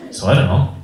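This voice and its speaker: A young Irish man, a singer, chatting and telling jokey stories to a live concert audience in a self-mocking way. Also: heavy background noise. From Ireland. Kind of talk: on-stage storytelling banter. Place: concert hall on stage. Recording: live hall echo, music behind.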